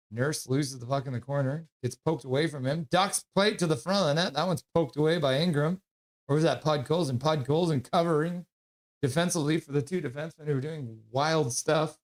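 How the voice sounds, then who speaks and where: A man calling live hockey play-by-play from his stream in a casual way, with quick calls and offhand jokes. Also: a little high.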